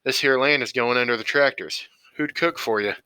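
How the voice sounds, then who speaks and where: A man's voice: medium pitch, fairly quick, pushed and bright, clear, resonant tone, natural voice. A man voicing a worried middle-aged farmer father who pleads in plain rural speech.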